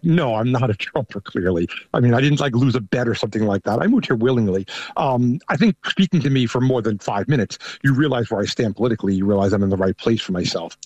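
Man with a thick New York accent, husky voice, dry close sound, casual guest chat, restarts a lot. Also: medium pitch, a little mellow, no room sound, dull audio. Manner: conversational, restarts often. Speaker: panel guest. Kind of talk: casual remote interview.

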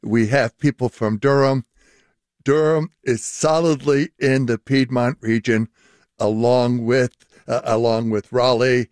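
A man's voice: mid-range voice, steady tone, a little slow, darkish tone, no echo, studio quality. An older man, a linguistics professor, explaining in a radio interview with many fillers.

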